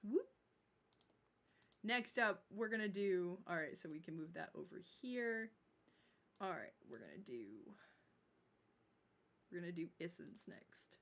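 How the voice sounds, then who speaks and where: A woman's voice: on the low side, expressive, measured pace, gravelly, pauses often. Chatty woman hosting a livestream. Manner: chatty, swears casually, laughs often. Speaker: livestream host. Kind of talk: casual livestream chat.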